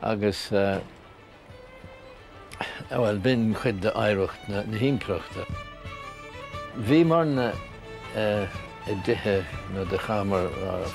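An older Irish man reminiscing casually, chuckling and pausing with many fillers. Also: low-pitched, vocal fry. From Ireland. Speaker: storyteller.

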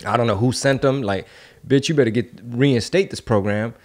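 A man's voice: mid-range voice, moderate pace, darkish tone. Man ranting with rhetorical questions. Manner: heated rhetorical questions, street slang. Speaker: podcast host. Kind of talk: casual podcast chat.

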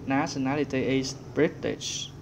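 A man's voice: medium pitch, fairly even intonation, unhurried, creaky, noisy background. A man working through an English workbook exercise aloud, thinking as he goes and searching for answers. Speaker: English teacher. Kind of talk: workbook walkthrough lesson.

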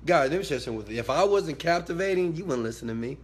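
Husky motivational guy, kinda high voice, goes quiet then yells. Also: animated, rapid-fire, hardly any pauses. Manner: loud swings from quiet to shouting, emphatic and preachy. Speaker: motivational speaker. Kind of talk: motivational talk to camera.

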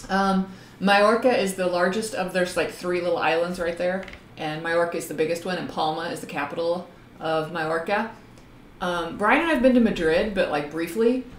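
A woman's voice: lowish voice, normal speed, echoey room, slight background noise. Chatty woman co-hosting a live stream. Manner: chatty, laughs often, trails off with ums. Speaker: co-host of a live drawing stream. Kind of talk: casual chat.

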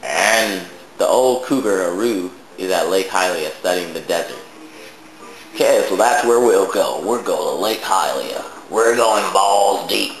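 A man with a lowish voice giving rambling, joking commentary over a video game, dropping crude asides as he plays. The room has a noticeable echo, and game music plays clearly behind him. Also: animated, a little slow. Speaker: let's play host. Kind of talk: casual gameplay commentary.

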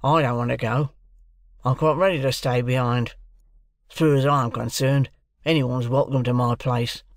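A man's voice: mid-range voice, fairly even intonation, moderate pace, no room sound, studio quality, close to an everyday voice. A man voicing a sullen male convict who growls his words in an audiobook.

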